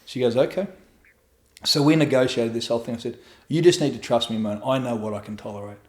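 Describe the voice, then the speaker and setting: A man's voice: mid-range voice, fast talker. A middle-aged man telling a raw personal story as a podcast guest, swearing freely and acting out what people said. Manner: profane, animated storytelling with acted-out quotes. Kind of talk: candid storytelling interview. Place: room in his home. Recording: echoey room at home.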